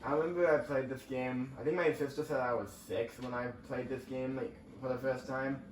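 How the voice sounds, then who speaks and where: A man's voice: mid-range voice, fairly even intonation, fairly quick, a little hiss or hum. Young man chatting over a game. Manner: rambling, chatty, reacting to gameplay. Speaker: gaming channel host. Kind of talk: casual let's-play commentary. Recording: roomy, distant mic with faint ambience.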